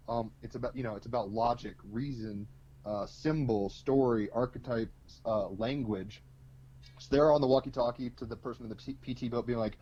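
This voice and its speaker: A man's voice: medium pitch, steady tone, a little fast, darkish tone, highs cut off. A man explaining astrology as an interview guest, in a loose, colloquial way full of fillers and the odd swear word. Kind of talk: casual explanatory interview talk.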